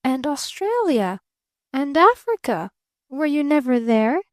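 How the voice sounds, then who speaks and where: A woman's voice: high voice, sing-song, slow pace, a little mellow, dry recording, studio quality, full character voice. A woman voicing a blunt, plaintive rich young girl in an audiobook reading. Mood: frank, sulky.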